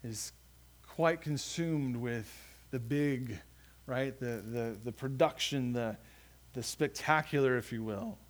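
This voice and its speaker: Earnest man preaching a sermon. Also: medium pitch. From United States. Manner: earnest, halting preaching with many restarts, dropping soft at phrase ends. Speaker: pastor.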